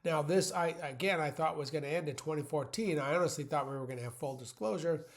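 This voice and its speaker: A man's voice: on the high side, fast. A man hosting his own channel, talking blunt and plain-spoken in a rambling motivational monologue. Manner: rambling, many fillers and restarts. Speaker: channel host.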